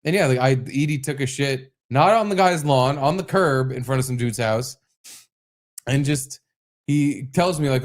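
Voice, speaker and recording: A young man co-hosting a podcast, telling a story with lots of swearing and animated bursts. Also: medium pitch, normal speed. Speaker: podcast co-host. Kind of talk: casual podcast chat.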